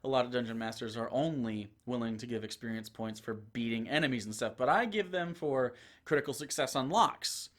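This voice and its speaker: A young man hosting a casual advice talk, chatty and animated, often correcting himself mid-sentence. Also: medium pitch, fairly quick, hardly any pauses. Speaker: video host and dungeon master.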